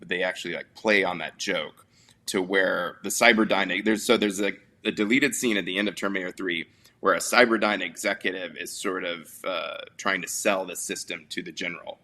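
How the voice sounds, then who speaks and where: This man hosts a casual movie review podcast, rambling through stories loaded with filler words. His low voice holds a steady tone with a sharp edge, at a moderate pace.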